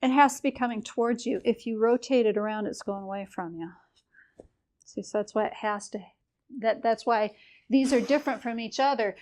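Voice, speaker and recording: A woman's voice: a little high, moderate pace, a little mellow. A woman lecturing a chemistry class in a casual, explanatory way, with a few fillers as she goes.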